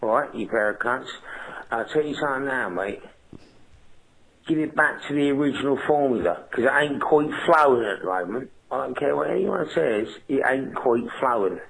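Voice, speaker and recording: Man, English accent, caller, gravelly, husky, crude, swearing. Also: mid-range voice, expressive, normal speed, fairly bright tone, poor audio. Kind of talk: phone call to a show.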